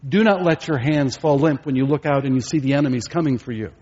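Male pastor, sermon delivery with rhetorical questions, slightly husky, muffled recording. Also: medium pitch, quick pace, darkish tone.

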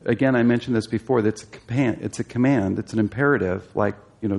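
A man's voice: on the low side, quick pace, gravelly, hardly any pauses, darkish tone. A man teaching a Bible study class, explaining a passage and asking his listeners questions, growing emphatic as he exhorts.

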